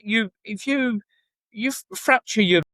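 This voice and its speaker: A man's voice: high voice, measured pace, bright, forceful tone, dry recording. A man from England co-hosting a wrestling podcast, chatty and enthusiastic in casual conversation. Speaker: podcast co-host. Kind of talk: casual chat.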